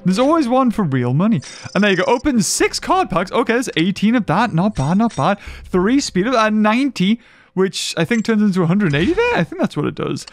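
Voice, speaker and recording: Young guy hyped up playing a game, high voice that jumps all over, music going behind him. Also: fairly quick. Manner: playful, jokey, bursts of excitement. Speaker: gaming video host. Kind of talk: excited gameplay commentary.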